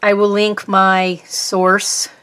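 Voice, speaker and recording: A woman's voice: mid-range voice, completely flat delivery, very slow, fairly bright tone, clear, resonant tone. A woman from Texas with a Norfolk, Virginia accent, chatting casually and rambling a little as she paints on her art vlog. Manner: rambling, chatty, self-deprecating. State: tired. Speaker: art vlogger. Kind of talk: casual chat while painting.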